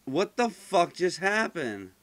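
A man's voice: high voice, big pitch swings, slow. An intoxicated man streaming a quiz game, cursing and ranting angrily at it. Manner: cursing, angry, yelling at the game. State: intoxicated, slurring. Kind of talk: drunken gaming rant. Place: room with a TV on.

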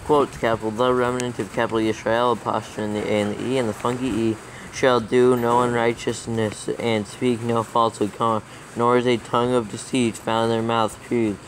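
Man dictating in a flat monotone. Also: mid-range voice, a little fast, a little hiss or hum, poor audio. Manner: steady, monotone dictation, calling out capitals and commas. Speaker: proofreader reading scripture aloud. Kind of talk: dictating text with spoken punctuation.

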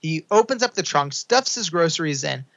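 Young male guest storyteller, bright forceful voice, dull lo-fi sound, acts out quotes. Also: moderate pace, gravelly. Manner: acts out quotes in a high excited voice. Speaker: podcast guest, author. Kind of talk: animated storytelling.

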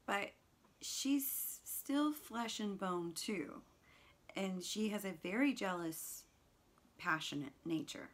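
A middle-aged woman teaching literature, explaining a novel in a conversational way, full of "you know" and restarts. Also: medium pitch. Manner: conversational, fillers and self-corrections. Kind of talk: lecture with read-aloud passages.

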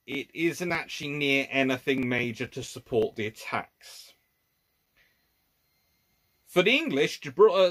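A man answering viewer questions on a live history stream at a middling pitch. He works through each answer aloud, restarting sentences and sorting his reasons into lettered points. The delivery is unscripted and conversational. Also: a bit bright.

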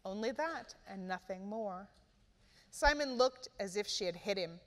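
A woman's voice: medium pitch, animated, unhurried. Woman reading aloud in an echoey hall. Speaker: author reading from her novel. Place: event hall. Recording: echoey hall, live event.

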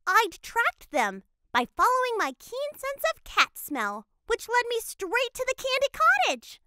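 A playful cat mom narrator. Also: female voice, very high-pitched, wildly swooping pitch, unhurried, noisy background, full character voice. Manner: playful, storybook delivery. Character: cheerful cat mother narrating a storybook. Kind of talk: scripted cartoon narration.

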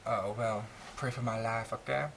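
A man's voice: medium pitch, steady tone, moderate pace, gravelly, a bit bright, a little hiss or hum. A Scottish man who is a vlogger, narrating his day in a casual, jokey, sarcastic way and swearing freely. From Scotland. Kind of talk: casual handheld vlog narration.

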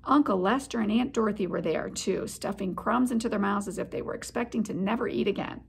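Gravelly-voiced woman reading a storybook. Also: medium pitch, fairly quick. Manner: expressive, storytelling. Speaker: head of school. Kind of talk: reading a children's book aloud.

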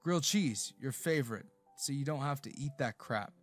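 Curt, teasing young bodyguard, commanding but soft underneath, read by a man, faint music behind. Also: mid-range voice, lively intonation, normal speed, lightly acted. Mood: gentle. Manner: curt and sarcastic, turning soft.

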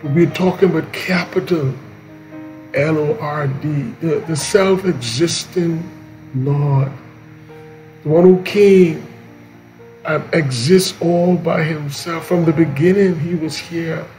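Male preacher for a morning devotion; unhurried, emphatic, repeats refrains, light guitar underneath. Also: a little high, a little mellow, rough recording. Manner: slow, emphatic, repeats key lines.

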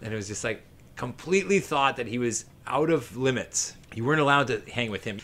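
A man's voice: medium pitch, expressive, fairly quick, a crowd in the background. A man in his late thirties from southern Ontario, a guest musician telling a long story on a podcast in a rambling, profane way, full of fillers and laughter.

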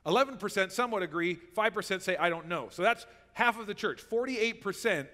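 A man's voice: high-pitched, lively intonation, a little fast, bright, forceful tone, big-room sound. A man preaching a sermon as pastor, in a conversational way that keeps checking in with the listeners. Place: church sanctuary.

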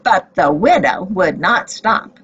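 Slow, lively woman telling Bible stories. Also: fairly low pitch, slightly rough, muffled recording. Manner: expressive, lively storyteller. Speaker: Bible story teacher. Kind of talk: slow storytelling for children.

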